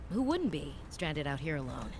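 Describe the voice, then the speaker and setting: An upbeat stranded explorer. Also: female voice, low-pitched, sing-song, fairly quick, a crowd in the background. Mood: easygoing. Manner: easygoing, sympathetic.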